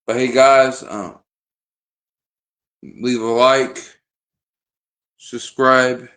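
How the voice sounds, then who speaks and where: A man's voice: mid-range voice, level tone, extremely slow, a bit bright. A man vlogging in a casual chat to camera, rambling and hesitant with frequent restarts.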